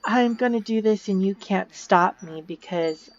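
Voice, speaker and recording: A woman's voice: medium pitch, unhurried, lightly acted. A woman voicing a ruthless male villain scientist who threatens to erase everyone's memories, on a dull lo-fi recording. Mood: threatening.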